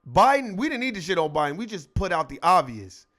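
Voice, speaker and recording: High-voiced man on a heated rant. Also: sing-song, brisk, fairly bright tone. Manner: profane, heated, mocking, acts out quotes. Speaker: show host. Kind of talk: political commentary rant.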